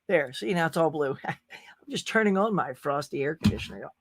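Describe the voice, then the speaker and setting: A man's voice: on the high side, quick pace. A middle-aged man hosting a casual live stream, chatty and upbeat as he reads out viewers' comments. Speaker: host.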